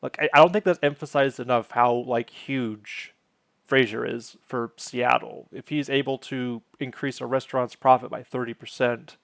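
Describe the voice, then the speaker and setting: A man's voice: medium pitch, steady tone, normal speed, vocal fry, a bit bright, dry recording, studio quality. A man hosting his own channel, casually recapping a sitcom episode, wandering off on tangents and correcting himself as he goes.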